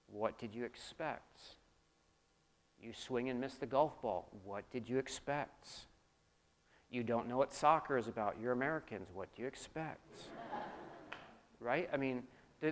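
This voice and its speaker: A man preaching a sermon as a pastor, animated, swinging between loud emphasis and quiet asides. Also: medium pitch.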